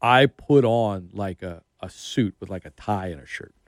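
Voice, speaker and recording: A man's voice: fairly low pitch, normal speed, no echo. Middle-aged guy hosting sports radio, chatty storyteller, dry close mic. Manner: chatty storyteller, acts out quotes. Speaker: radio host. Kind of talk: casual sports radio interview. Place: radio studio. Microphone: studio mic.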